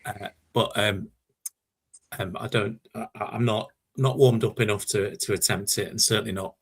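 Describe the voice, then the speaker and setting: A man in casual podcast chat, hesitant and halting with many fillers. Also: fairly low pitch, fairly even intonation, slightly rough. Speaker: podcast panelist.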